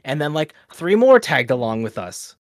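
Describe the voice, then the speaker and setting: A man's voice: on the high side, very animated, moderate pace, no echo, clean studio sound. A man, co-hosting a podcast and telling a long casual story full of fillers and quoted asides. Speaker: podcast co-host.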